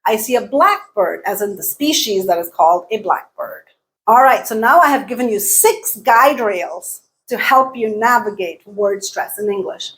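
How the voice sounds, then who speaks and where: A woman teaching an online English pronunciation lesson, speaking clearly and deliberately, modelling words by repeating them and checking in often with "okay?". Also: mid-range voice, a bit bright, low-quality recording.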